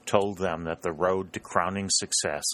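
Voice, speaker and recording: A man with a very low voice reads a historical narration aloud. His delivery is measured and solemn, giving each line steady weight. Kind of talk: scripted narration.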